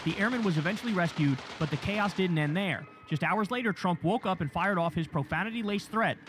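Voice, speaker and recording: A man's voice: high voice, brisk. A man hosting a livestream news commentary, fiery and sarcastic, swearing freely as he rants. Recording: noisy livestream audio.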